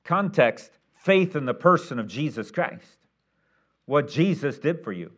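A middle-aged man preaching a sermon as pastor, telling a story in a folksy way with many restarts, moving between quiet asides and loud, emphatic peaks. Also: a little high, sing-song, a little slow.

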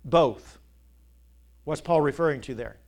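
A man preaching a sermon as pastor, asking rhetorical questions and repeating key lines, his voice rising to loud peaks and dropping low. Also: moderate pace. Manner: big swings between loud peaks and quiet drops.

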